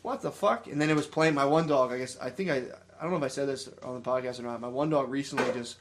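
A man's voice: medium pitch, fairly even intonation, quick pace, noisy background. A young man on a podcast, telling stories in casual chat, swearing a lot and laughing often. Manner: profane, laughing storyteller. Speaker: podcast host.

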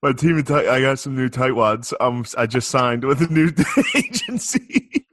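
A man's voice: medium pitch, big pitch swings, normal speed, fairly bright tone, no echo, studio quality. A young man, a comedian, joking and laughing in casual chat.

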